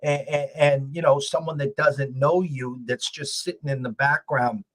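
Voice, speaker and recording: A chatty American man talks sports betting in a relaxed show conversation. His pitch sits in an ordinary middle range, and he often stumbles over his first words before getting going. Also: moderate pace. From United States. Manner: chatty, repeats words when starting sentences. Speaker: podcast host. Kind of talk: casual sports betting chat.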